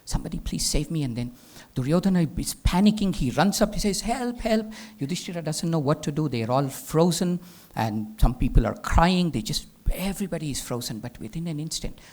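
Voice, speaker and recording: A man giving a spiritual talk as a teacher, telling a legend as an animated storyteller who drops into hushed whispers. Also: a little high, brisk. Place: live talk venue.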